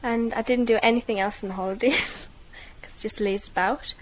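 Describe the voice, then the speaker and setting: A woman's voice: on the high side, fairly even intonation, moderate pace, low-quality recording. A young woman with a Geordie accent, a university student reading a passage and then chatting in an upbeat way. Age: young adult. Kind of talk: read passage then casual chat.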